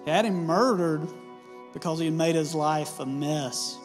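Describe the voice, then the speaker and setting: Man, 30s, pastor: casual storytelling sermon, slightly high voice, soft music in the background. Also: measured pace. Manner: casual and storytelling, with plenty of uhs and ums. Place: church sanctuary. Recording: reverberant church hall with soft music.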